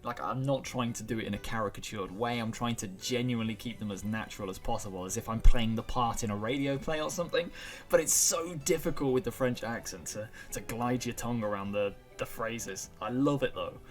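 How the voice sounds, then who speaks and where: A man, hoarse today, chatting casually and apologetically as he opens a let's-play video. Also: medium pitch, a little fast, faint music behind. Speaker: gaming YouTuber.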